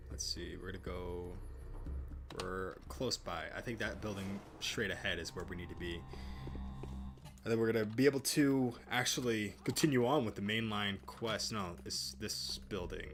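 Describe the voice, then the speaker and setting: A man's voice: fairly low pitch, measured pace, long pauses, over music. A man casually commenting on a game he is playing for the first time, rambling with many fillers and restarts. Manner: rambling, full of ums, likes and restarts. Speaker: let's play host.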